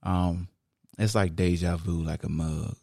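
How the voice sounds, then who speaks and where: Laid-back low-voiced podcast host man. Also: steady tone, unhurried, creaky, a little mellow, dry recording, studio quality. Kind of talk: casual solo podcast talk. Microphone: studio podcast mic.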